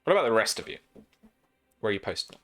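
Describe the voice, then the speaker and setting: A man's voice: lowish voice, sing-song, quick pace. A British man narrating as game master, rambling with many restarts and fillers.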